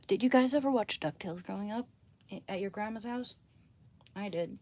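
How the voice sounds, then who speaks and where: A young adult woman chatting casually on a late-night livestream from home. She rambles playfully and often drops to a hushed voice so she won't wake her family, speaking into a phone. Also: medium pitch, a little fast.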